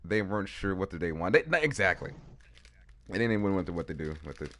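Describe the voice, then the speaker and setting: A man's voice: deep voice, big pitch swings, fast, fairly bright tone. Man chatting with his mouth full. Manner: laid-back, profane, trails off and repeats himself. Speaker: podcast host. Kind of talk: casual chat.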